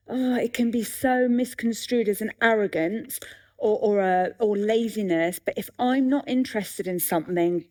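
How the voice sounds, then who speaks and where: Lively woman in her fifties. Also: mid-range voice. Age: 50s. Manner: lively, self-mocking storyteller. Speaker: guest comedian and author. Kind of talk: live festival conversation.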